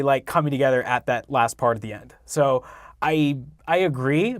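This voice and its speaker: Easygoing fast-talking man discussing movies. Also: medium pitch, no room sound, studio quality. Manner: easygoing, agreeable pushback. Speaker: podcast co-host. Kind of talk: casual movie review chat.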